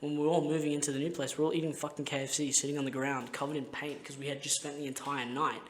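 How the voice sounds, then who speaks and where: A young man hosts a podcast, speaking quickly in a fairly high, flat voice. In casual chat he tells rambling, heartfelt stories and swears constantly.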